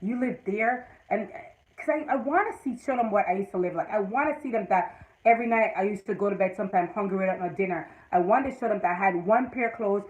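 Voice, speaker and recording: A woman's voice: mid-range voice, quick pace, a little mellow, dull audio. A woman with a Jamaican accent hosts a casual livestream from her phone or webcam. She tells her stories in a rambling, emphatic way, leaning hard on the words she wants to stress. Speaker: livestream host.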